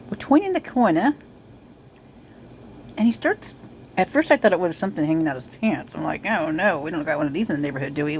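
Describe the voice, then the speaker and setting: Over news footage, a video commentator speculates suspiciously in a casual, meandering way, constantly using fillers and restarting sentences. The voice is medium-pitched, and the audio is poor with slight background noise.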